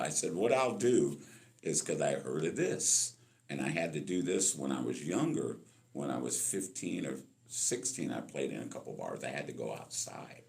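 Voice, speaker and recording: A man's voice: extremely low pitch, expressive, moderate pace, vocal fry, darkish tone. A man in his sixties from Los Angeles, telling stories as a guest on an interview podcast and acting out the voices of people he quotes. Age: 60s. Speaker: guest musician. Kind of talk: storytelling interview.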